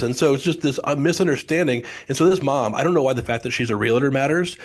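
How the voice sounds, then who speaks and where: A man's voice: mid-range voice, quick pace. Chatty middle-aged man telling stories. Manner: chatty storyteller, many restarts and asides. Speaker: guest, founder of test prep company. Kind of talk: casual podcast interview.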